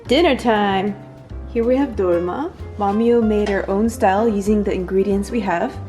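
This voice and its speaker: A woman's voice: mid-range voice, moderate pace, warm tone, soft background music. Chatty woman narrating a food vlog. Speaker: food vlogger. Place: home.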